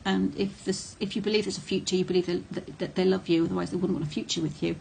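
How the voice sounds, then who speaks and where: A woman's voice: fairly low pitch, fairly even intonation, fast, gravelly, a little mellow, slight background noise. A middle-aged woman talking casually to camera, blunt and candid, with frequent ums and restarts. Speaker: vlogger on narcissistic abuse.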